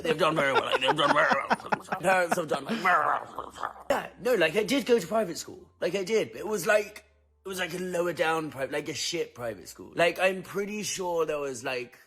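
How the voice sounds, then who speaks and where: Guy as a husky lad, rambling, keeps repeating himself. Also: on the high side, fairly bright tone, full character voice. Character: defensive posh young English man.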